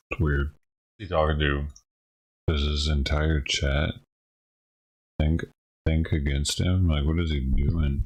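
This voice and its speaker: A man's voice: rumbling low, slow, long pauses, highs cut off. A man hosting a casual stream, making wry and puzzled offhand remarks about a clip. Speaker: host reacting to a clip. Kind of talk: casual commentary.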